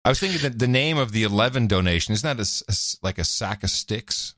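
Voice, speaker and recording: A man co-hosting a podcast, chatting casually in a lively, teasing way. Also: on the low side, quick pace, dry recording, studio quality. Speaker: podcast co-host. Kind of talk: casual chat.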